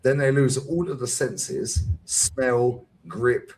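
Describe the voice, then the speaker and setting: With a medium-pitched, slightly rough voice, a man speaks slowly while hosting a fan talk stream. He swears a lot and leans on slang in casual chat. His stories come out lively.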